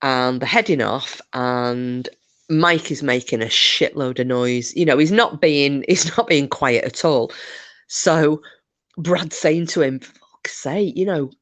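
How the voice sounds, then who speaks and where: A woman's voice: extremely low pitch, slow pace. A woman casually telling a spooky story on a live stream, chatty and swearing, speaking to viewers.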